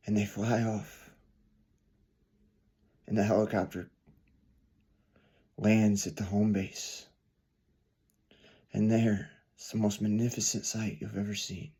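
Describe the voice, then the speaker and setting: A man preaching a storytelling sermon, earnest, swelling louder then dropping soft. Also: on the low side, husky.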